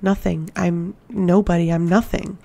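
Woman reader doing a scared young captive, hushed and pleading, mellow. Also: lowish voice, fairly even intonation, unhurried, vocal fry. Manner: soft, pleading, near-whisper.

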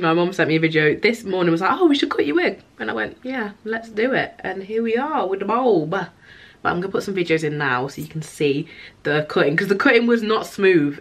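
A young woman vlogging to camera in a chatty, excitable way, full of "like" fillers. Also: lowish voice, low-quality recording. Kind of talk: casual vlog chat to camera.

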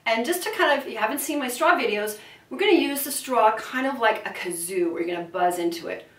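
A woman's voice: a little high, lively intonation, fairly quick, distant mic. Upbeat woman voice teacher, echoey room. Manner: upbeat, encouraging, demonstrates with buzzing. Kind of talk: vocal lesson to camera.

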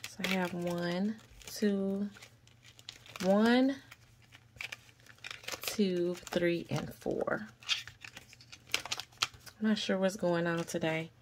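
A woman's voice: on the low side, very slow, pauses often, background noise. A woman chatting casually to viewers in a budgeting vlog while counting cash aloud and calling them y'all. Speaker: budgeting vlogger.

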